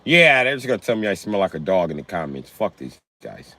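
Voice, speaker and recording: Ranting casually on his livestream for comedic effect, this host rambles, curses and laughs a lot. He talks fast with big pitch swings in a fairly low voice that sounds pushed and bright.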